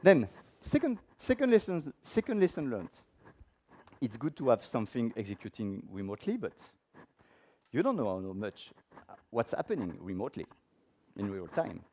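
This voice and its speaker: A man's voice: mid-range voice, huge pitch swings, moderate pace, mellow. A man giving a technical conference talk with a live demo, speaking informally and asking the audience questions. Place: conference room before an audience.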